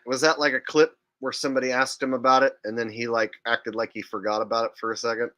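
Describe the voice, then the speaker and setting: A man's voice: mid-range voice, little pitch movement, quick pace, few pauses, sharp tone. A man hosting a live stream, talking in an incredulous, profane, digressive way. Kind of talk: casual live-stream commentary.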